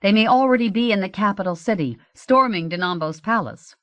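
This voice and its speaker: A woman's voice: medium pitch, lively intonation, a little fast, a bit bright, no echo, close to an everyday voice. A woman voicing a testy, resigned male ruler in an audiobook. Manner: testy, clipped.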